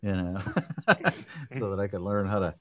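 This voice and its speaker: A man co-hosting a live podcast in casual chat, upbeat and quick to laugh. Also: lowish voice, lively intonation. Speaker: podcast co-host.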